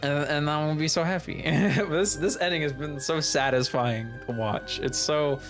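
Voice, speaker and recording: A game streamer chatting casually and excitedly, rambling and laughing between lines of play. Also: mid-range voice, moderate pace, music in the background. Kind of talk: casual let's-play commentary.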